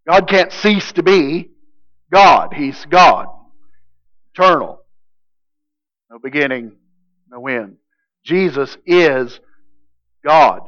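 Preacher, male, high voice, deliberate delivery, builds from quiet to loud points, dull lo-fi sound. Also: expressive. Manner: emphatic, swings from hushed to loud. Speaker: pastor. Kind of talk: sermon.

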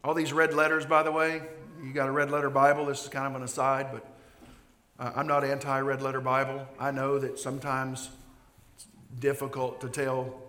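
A man's voice: medium pitch, completely flat delivery, moderate pace. Emphatic male preacher in an echoey hall. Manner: emphatic preacher, swings from hushed to loud. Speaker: pastor. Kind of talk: sermon.

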